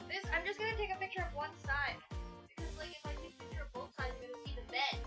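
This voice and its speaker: A young woman streaming, chatting casually and quickly with her viewers, rambling and cutting herself off, her voice a little rough from being sick. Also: fairly high pitch. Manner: fast, rambling and animated, often self-interrupting. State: recovering from illness, voice sounds rough. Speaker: VTuber streamer.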